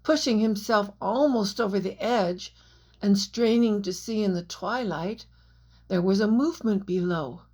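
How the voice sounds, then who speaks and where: A woman narrates her own adventure novel in a measured storytelling manner. Her pace is slow and deliberate, and her pitch sits in the middle range. It is a scripted audiobook reading. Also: darkish tone.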